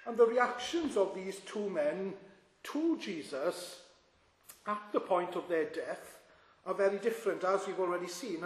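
A man preaching a sermon in an earnest, measured way, pausing with fillers. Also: high-pitched, darkish tone. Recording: echoey hall.

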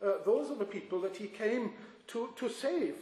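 A man preaching a sermon in an earnest, measured way, pausing with fillers. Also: high voice, expressive, dark tone. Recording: echoey hall.

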